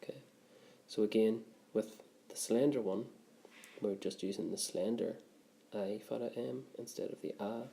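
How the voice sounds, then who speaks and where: A man's voice: on the low side, unhurried, gravelly, mellow. A man who teaches a grammar lesson patiently, step by step, often checking in with "okay". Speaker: Irish language teacher.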